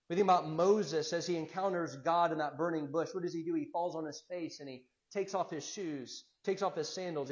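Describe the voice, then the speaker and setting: A man preaching with earnest energy, stacking rhetorical questions and circling back on his words. His voice sits a touch high, and the recording sounds dull and lo-fi. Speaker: pastor. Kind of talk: sermon.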